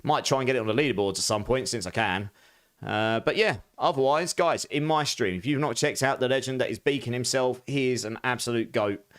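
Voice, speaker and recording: A young man hosts a live game stream from his home setup, talking casually and easily with his viewers. His voice sits at a middle pitch and sounds a little hoarse and worn. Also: a little fast. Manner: relaxed, chatty, greets viewers warmly, laughs often. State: voice going hoarse.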